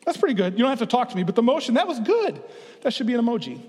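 Speaking very fast with big pitch swings, a middle-aged pastor whose high voice carries a darkish tone leads a playful, interactive sermon that pulls in the congregation. A long reverb echoes through the church sanctuary.

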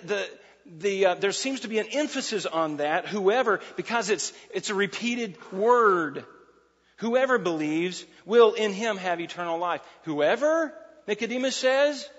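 A man preaches a sermon in a large hall, his fairly high voice carrying a long reverb. He repeats points for emphasis and swings between loud and hushed delivery. The recording sounds dull and muffled. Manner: emphatic preaching with repetitions and shifts in volume. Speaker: pastor.

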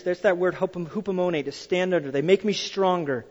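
A man preaching a sermon in a church hall, telling stories with animated, acted-out quotes. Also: high-pitched, brisk, hardly any pauses. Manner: animated storytelling, acts out quoted voices. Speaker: pastor. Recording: dull sound in a hall with long reverb.

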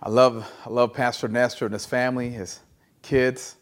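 A man's voice: medium pitch, level tone, moderate pace. A male guest pastor preaching an online sermon, pressing listeners to repeat and type phrases back to him in call-and-response.

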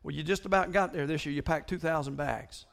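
Male pastor, high voice, animated and stumbling sermon delivery. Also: a little fast, creaky. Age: older than most listeners. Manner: animated, repeating words in bursts.

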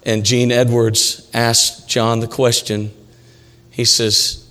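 Slow, emphatic male pastor in an echoey church. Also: mid-range voice, little pitch movement, pushed and bright. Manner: emphatic and repetitive, with jokes. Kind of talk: sermon. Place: church sanctuary. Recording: reverberant church hall.

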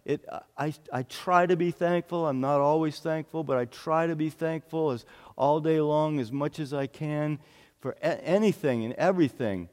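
A man's voice: a little high, normal speed, a little mellow. A male pastor giving an earnest sermon, often repeating phrases for emphasis. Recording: long hall reverb.

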